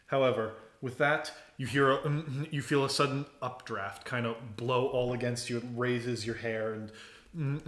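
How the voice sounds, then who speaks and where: A man's voice: medium pitch, fairly bright tone. Man running a tabletop game in an echoey room. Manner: loose, laughing, descriptive narration. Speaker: game master.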